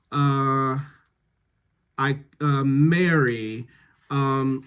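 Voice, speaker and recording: A man working as a dialect coach, reading rehearsal notes to a cast in a slow, measured way with frequent pauses. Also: mid-range voice, a bit bright, clean tone.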